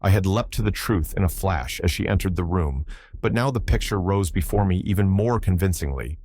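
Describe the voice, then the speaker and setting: A man narrating an audiobook in an earnest, measured way. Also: low-pitched, animated, a little mellow, no echo. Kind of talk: scripted narration.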